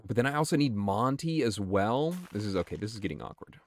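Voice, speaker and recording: A man's voice: on the low side, animated, a little fast. A man streaming a game, talking casually and swearing while he answers his chat. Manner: chatty and profane, answering chat. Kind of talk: casual gameplay commentary.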